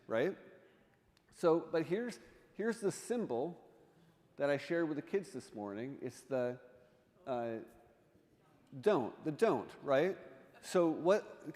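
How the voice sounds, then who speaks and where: A man's voice: fairly high pitch, animated, slow, a little mellow. Playful man in a reverberant sanctuary. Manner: playful, jokey, quizzes the audience. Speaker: artist in residence giving a presentation. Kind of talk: humorous illustrated talk to a congregation. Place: church sanctuary. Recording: long reverb of a church sanctuary.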